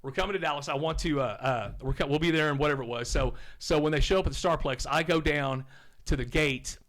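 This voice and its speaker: A man in his fifties from Oklahoma, a podcast guest telling rambling stories in a casual, animated way and swearing now and then. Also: fairly high pitch, quick pace. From Oklahoma, USA. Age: 50s. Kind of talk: casual storytelling.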